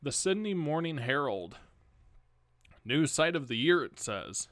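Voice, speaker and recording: Young male podcast host, unhurried news reading with offhand commentary, dry mic. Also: fairly high pitch, sing-song, a bit bright, no room sound. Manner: casual, rambling asides and self-corrections.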